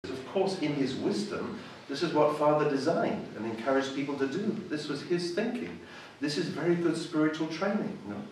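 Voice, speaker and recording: A man with an English accent tells a personal testimony in a self-deprecating way, and his pitch rises and falls freely. He sounds set back from the microphone. Heavy room echo surrounds his voice, with a faint hiss underneath. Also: lively intonation, normal speed, few pauses. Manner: self-deprecating storyteller, acts out quoted voices. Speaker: church member giving a testimony. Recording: echoey room heard from a distance.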